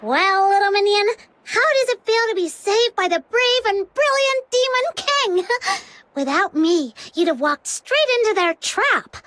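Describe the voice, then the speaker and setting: A woman's voice: very high voice, lively intonation, unhurried, fairly bright tone, no echo, full character voice. A woman voicing a cocky, boastful self-styled demon king in a game cutscene. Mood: smug. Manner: boastful, teasing.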